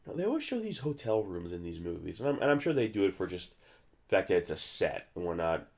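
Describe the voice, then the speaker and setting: A young man talks over an old monster movie in a loose, rambling way, often restarting his sentences. His voice sits very low and deep. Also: sing-song, quick pace, vocal fry, a little mellow. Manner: rambling, chatty, many restarts. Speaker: movie commentary co-host. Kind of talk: casual movie commentary.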